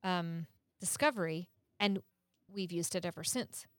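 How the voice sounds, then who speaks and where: A woman's voice: fairly low pitch, a little slow, no echo, studio quality. A woman co-hosting a podcast, explaining things earnestly in casual chat, laughing often and cursing now and then. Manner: curses casually.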